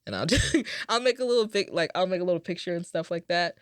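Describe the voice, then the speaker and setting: A woman's voice: lowish voice, quick pace, clear, resonant tone, no room sound, clean studio sound. A young woman hosting a podcast, chatting casually in a rambling, upbeat way with lots of fillers, and a little tired. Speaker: podcast host. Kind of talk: casual chat.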